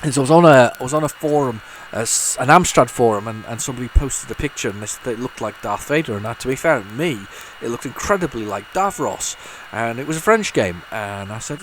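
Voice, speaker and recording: A man's voice: medium pitch, lively intonation, brisk, hardly any pauses, fairly bright tone. Man, retro gaming channel host, casual rambling commentary, stumbles and restarts, faint background hiss. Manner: rambling, many restarts and repeated words. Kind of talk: casual commentary while playing.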